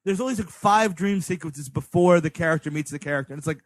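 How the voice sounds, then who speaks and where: A man co-hosting a comedy movie review podcast, joking wryly and acting out scenes. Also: on the high side. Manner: wry, jokey, acts out scenes in quick voices. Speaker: podcast co-host.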